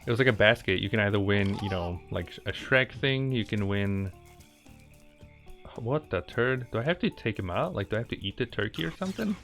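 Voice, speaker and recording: A man with a fairly low voice talks his way through a game, drifting between a long story and quick reactions to what's on screen. His delivery is loose and chatty, with laughs and asides, and faint game music plays underneath. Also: lively intonation, a bit bright. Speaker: gaming channel host. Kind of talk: casual gameplay commentary with storytelling.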